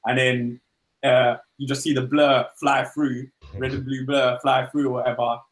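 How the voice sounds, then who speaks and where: A man's voice: mid-range voice, level tone, moderate pace, reverberant. A man co-hosting a comic book podcast, rambling casually and acting out dialogue in goofy voices. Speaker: podcast co-host.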